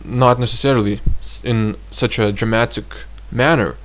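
A man teaching a vocabulary lesson, explaining with many pauses and saying each word twice. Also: mid-range voice, fairly even intonation. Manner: explains slowly, repeats words twice, many hesitations. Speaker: language teacher.

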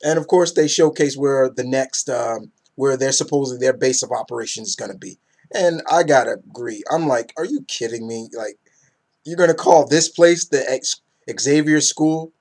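A young man in a casual, rambling comic book review who gets excited and acts out characters' lines. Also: mid-range voice, normal speed.

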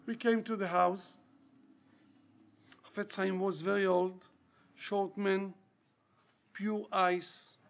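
Man, rabbi, sermon, unhurried, emotional, repetitive emphasis. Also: sits high, gravelly, fairly bright tone. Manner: impassioned, repeats key words for emphasis. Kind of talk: storytelling sermon.

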